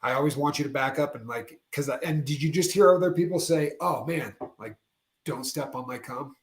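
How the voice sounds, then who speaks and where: A man co-hosting a podcast, telling animated stories in casual chat and laughing often. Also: fairly high pitch, brisk. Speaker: podcast co-host. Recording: roomy echo.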